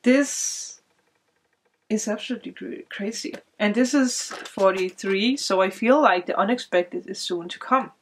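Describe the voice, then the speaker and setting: A woman talks through a tarot card reading in a loose, chatty way, full of fillers and little restarts. She is emotional and teary, and her voice sits at an ordinary middle pitch. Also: measured pace, slightly rough. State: tearful. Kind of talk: casual spiritual card reading.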